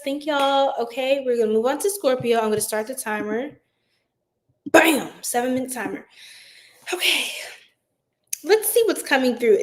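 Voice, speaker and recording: Pitched on the high side and captured in low-quality audio, this woman hosts a relaxed tarot livestream from her phone. She chats with plenty of filler words and addresses her audience as "y'all."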